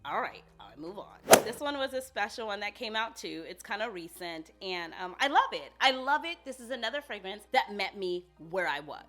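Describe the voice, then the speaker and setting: A woman's voice: medium pitch, lively intonation, normal speed, hardly any pauses, over music. A woman reviewing fragrances in a casual vlog, gushing and talking straight to her viewers.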